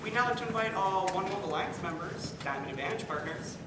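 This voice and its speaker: A woman's voice: on the low side, animated, quick pace, natural voice. A woman playing an airline gate agent in a stage comedy sketch, with an announcer tone that stumbles into jokes. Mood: announcing. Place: theatre stage. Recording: echoey live stage, far off, audience noise.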